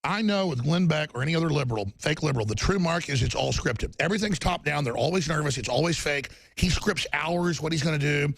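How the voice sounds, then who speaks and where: A middle-aged man hosting heated political talk, combative and fast, mocking people with put-on quotes. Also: fairly high pitch, lively intonation, vocal fry, a bit bright, no room sound. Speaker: talk show host.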